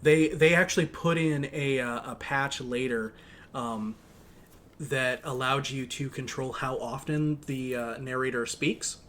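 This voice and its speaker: A man's voice: mid-range voice, a little slow, a bit bright. Rambling man with faint background hiss. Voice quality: rambling, lots of fillers and restarts. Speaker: podcast co-host. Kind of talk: casual chat.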